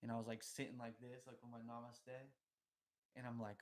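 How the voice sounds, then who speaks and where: A man's voice: mid-range voice, flat delivery, a little fast, a little mellow. A young man telling a long story on a podcast in a casual, slangy, rambling way, often laughing as he goes.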